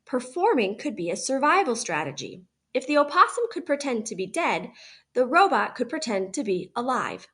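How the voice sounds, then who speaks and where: A woman teacher narrates a children's novel aloud for her class. Her read-aloud style is expressive, with a slightly high voice. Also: normal speed, husky.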